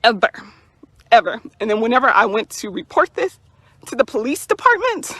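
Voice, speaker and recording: In a dry recording, a young mother gives a personal on-camera account of a police encounter, her slightly high voice bright and forceful with big pitch swings at normal speed. She's indignant and emphatic, repeating words for stress.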